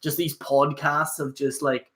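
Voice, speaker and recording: A man's voice: a little high, little pitch movement, a little slow, fairly bright tone. A young man hosting a casual solo stream, rambling and swearing with lots of fillers. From Northern Ireland. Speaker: host. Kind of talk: casual solo livestream chat.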